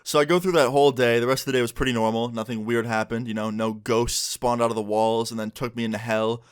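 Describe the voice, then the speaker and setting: A young man in a casual storytime vlog, speaking in an animated way and swearing freely. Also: medium pitch, fast talker, smooth. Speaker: YouTuber.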